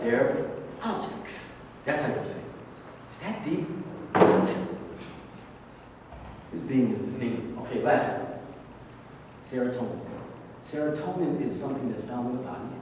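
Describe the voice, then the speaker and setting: A man teaching a religious class in a casual, conversational way, repeating key phrases and asking rhetorical questions. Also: mid-range voice. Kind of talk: lecture to a class. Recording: very echoey hall, far from mic, noisy.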